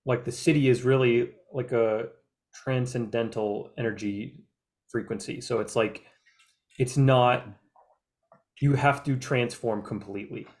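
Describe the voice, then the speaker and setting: A man's voice: mid-range voice, fairly even intonation, a little slow, a little mellow. Casual chat, man, earnest and rambling, lots of filler words. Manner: meandering, many filler likes; earnest, reflective. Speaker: group discussion member.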